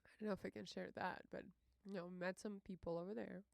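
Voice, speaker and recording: A young woman hosting a podcast, telling a personal story in an emotional, halting way, with many fillers and curses. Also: mid-range voice, flat delivery, vocal fry, no echo, studio quality. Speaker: podcast host.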